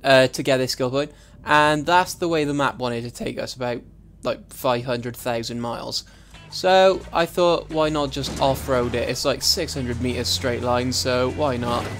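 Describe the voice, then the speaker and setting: A man's voice: mid-range voice, measured pace, few pauses, fairly bright tone. Young male gaming host, loose foul-mouthed commentary over a faint music bed. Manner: chatty, swears freely. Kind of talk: casual let's-play commentary.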